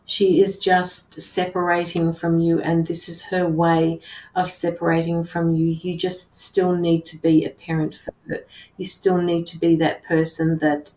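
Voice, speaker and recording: A woman working as a tarot reader and medium, relaying messages in an earnest, halting way with many restarts. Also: on the low side, a little mellow, roomy sound, poor audio. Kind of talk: live intuitive reading.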